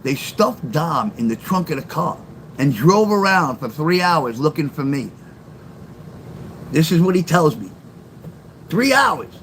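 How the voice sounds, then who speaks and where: Guy in later years, storyteller on a phone stream, lively swooping pitch, noisy line. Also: unhurried, long pauses. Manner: blunt and profane, acts out quoted lines loudly. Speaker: live-stream storyteller reading his memoir. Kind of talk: casual storytelling.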